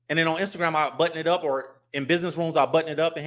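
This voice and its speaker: An American man in middle age, speaking as host in loose, lively commentary. His voice sits a little high for a man, and he slips into put-on voices to show how people talk. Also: rapid-fire, few pauses. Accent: US English. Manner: animated, acts out street and business voices. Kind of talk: casual commentary to camera.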